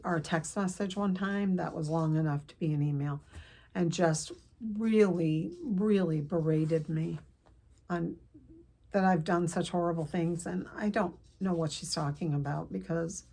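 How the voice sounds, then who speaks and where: An older woman telling a personal family story to camera, earnest and emotional, with pauses and restarts. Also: fairly low pitch, steady tone, mellow. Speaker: counselor vlogger.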